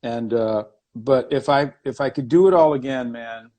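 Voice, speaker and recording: A man hosting a casual conversation, animated and enthusiastic, swearing now and then. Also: mid-range voice, moderate pace. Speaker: host, artist.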